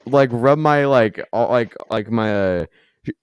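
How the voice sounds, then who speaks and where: A young man co-hosting a podcast in casual chat, laughing a lot and jumping in with animated remarks. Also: medium pitch, unhurried, smooth, no room sound, studio quality. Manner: giggly, animated interjections. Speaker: podcast co-host.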